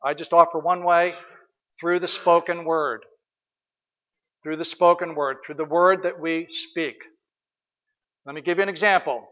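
A man's voice: a little high, steady tone, a little slow, long pauses, a bit bright, lo-fi sound. A man preaching a sermon, asking his listeners questions and repeating short prayers over and over.

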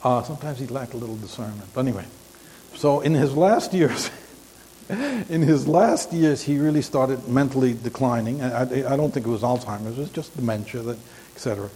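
Older male preacher, mid-pitched, halting storyteller, long hall reverb with faint hiss. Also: dark tone. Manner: halting, rambling, frequent restarts. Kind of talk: informal sermon storytelling.

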